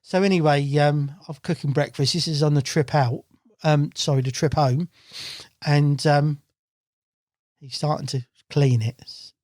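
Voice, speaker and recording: A man, a guest angler on a podcast, telling stories in a casual, animated way, swearing freely and acting out what people said. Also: on the high side, a little slow, no room sound, clean studio sound. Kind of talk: casual storytelling chat. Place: podcast studio. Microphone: studio mic.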